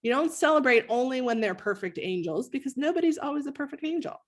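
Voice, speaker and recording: A middle-aged woman coaching parents in a live talk, reading viewers' comments, animated and leaping high when she models praise. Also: fast.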